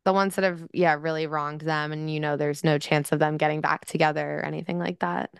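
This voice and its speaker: A woman's voice: deep voice, steady tone, fairly quick, creaky, clear, resonant tone, no echo. A young woman co-hosting a podcast in casual, blunt chat. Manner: blunt, swears freely. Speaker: podcast co-host.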